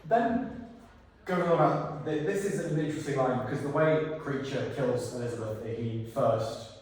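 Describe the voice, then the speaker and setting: A man directing a theatre rehearsal, talking actors through scenes in an animated way and slipping into silly voices. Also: mid-range voice, normal speed. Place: rehearsal hall. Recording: echoey hall, far from the mic.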